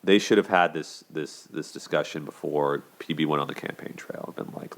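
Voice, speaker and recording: Barely pausing, a man with a very deep voice hosts a show and briskly riffs on relationships. His conversational style is thick with "you know" and "like" fillers and frequent restarts.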